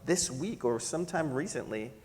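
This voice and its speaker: A middle-aged man telling a personal story to an audience, animated and laughing as he acts out the voices in it. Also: mid-range voice, normal speed, in a large hall, a little hiss or hum. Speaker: panel speaker. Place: lecture hall.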